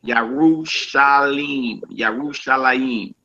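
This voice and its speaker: Slow, bright-voiced man teaching vocabulary. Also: medium pitch, slight background noise. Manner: slow, repeats each word, casual slang. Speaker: Hebrew teacher. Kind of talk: casual vocabulary lesson. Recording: dull lo-fi sound.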